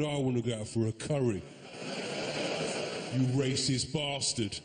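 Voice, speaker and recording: Teasing the audience with lots of swearing, this brash male comedian works a big comedy venue live. His mid-range voice moves at a measured pace, pausing often, over echoey hall acoustics and crowd noise.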